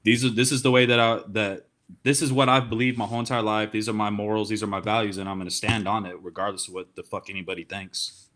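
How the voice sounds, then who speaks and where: Man, fast-talking rambler with a bright, sharp voice, swears freely. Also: fairly low pitch, flat delivery. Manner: rambling, swearing storyteller, gets heated. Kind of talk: casual profane chat.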